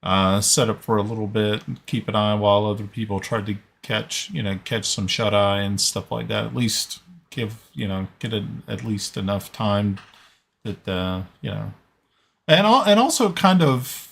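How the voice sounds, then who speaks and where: A man playing in a tabletop game, chatting casually in a slow, rambling way. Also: fairly low pitch, creaky, fairly bright tone. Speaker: tabletop player.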